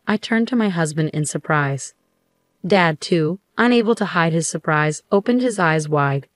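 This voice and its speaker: A woman reading a first-person story aloud as narrator in a steady, even way. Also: low voice, moderate pace, no room sound.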